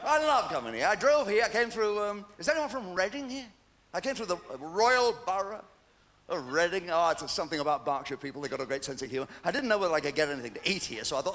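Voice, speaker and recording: A man's voice: sits high, expressive, fast talker, a bit bright. An English man in his sixties doing live stand-up comedy, chatty and cheeky with well-timed punchlines, on stage at a large venue.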